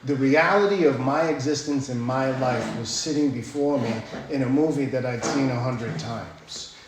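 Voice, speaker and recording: A man's voice: medium pitch, moderate pace, slight background noise. A man telling his own recovery story at a speakers' meeting, blunt and profane, often tossing in "right?" as he talks. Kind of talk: personal recovery talk. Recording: very echoey room, faint ambience.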